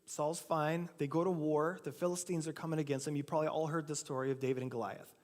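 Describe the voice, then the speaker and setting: A man's voice: on the high side, level tone, fast, a little mellow. A man preaching a sermon, telling a story casually and acting out the quotes himself. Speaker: pastor. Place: church sanctuary. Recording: long church hall reverb.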